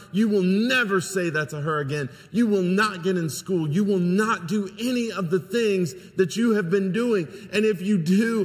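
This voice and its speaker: A man preaching who voices a furious father threatening his teenage son, shouting menacing warnings. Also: high voice, long reverb tail, pitched above the performer's own voice, lightly acted.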